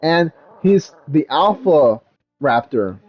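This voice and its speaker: A man's voice: a little high, animated, slow pace, highs cut off, crowd noise. A man talking casually as a dad vlogger, retelling a movie in a rambling way, full of fillers like "like" and "um.".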